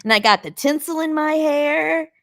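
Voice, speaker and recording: A woman's voice: high-pitched, normal speed, a bit bright. A woman co-hosting a podcast, chatting casually, exclaiming and bursting into laughter. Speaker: podcast co-host. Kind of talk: casual chat.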